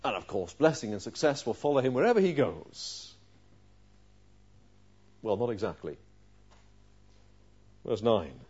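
A man preaching an expository sermon. He puts questions to his listeners and moves from loud, stressed phrases to quiet asides. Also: lowish voice, very animated, measured pace, long pauses, slightly rough. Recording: dull lo-fi sermon recording.

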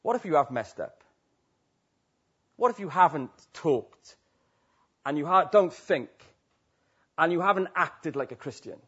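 Welsh preacher with a husky voice. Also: male voice, fairly high pitch, expressive, unhurried, long pauses, a bit bright, highs cut off. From Wales. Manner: conversational, asks many tag questions. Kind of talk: sermon. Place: church.

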